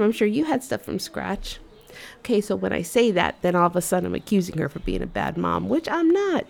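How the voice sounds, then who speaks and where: A woman telling a humorous personal story in an animated, conversational way. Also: mid-range voice, gravelly. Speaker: storyteller vlogger.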